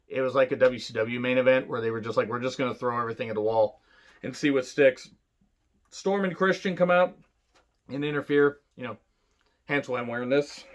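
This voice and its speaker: A man talks through an old wrestling event in a loose, rambling monologue, peppered with swearing and filler words. His voice sits at an ordinary pitch for a man. The recording has a dull, lo-fi quality. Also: fairly bright tone. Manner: rambling, profane, lots of fillers and asides. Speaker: wrestling reviewer. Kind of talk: casual retro review monologue.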